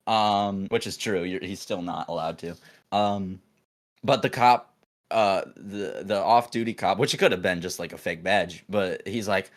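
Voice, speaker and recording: A young man, a podcast co-host, telling a work story in a rambling, animated way, full of restarts and acted-out quotes. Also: lowish voice, moderate pace. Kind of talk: casual storytelling chat.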